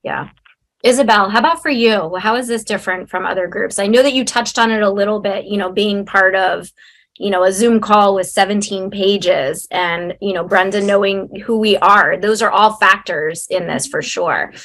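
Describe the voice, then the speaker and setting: A woman coach hosting a casual group video call, her voice bright and crisp. She affirms the others often and keeps the talk moving with easy warmth. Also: mid-range voice, normal speed. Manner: affirming, laughs easily. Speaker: moderator and coach.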